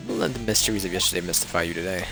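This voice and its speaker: A man's voice: deep voice, rapid-fire, creaky. A man voicing a smug, cool male prosecutor who talks in sayings, with game music behind. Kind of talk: reading game dialogue aloud.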